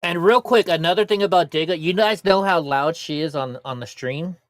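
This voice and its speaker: A man's voice: fairly high pitch, normal speed, fairly bright tone, no echo. Profane rambling storyteller man, dry sound. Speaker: livestream co-host. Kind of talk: casual livestream chat. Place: lives in California.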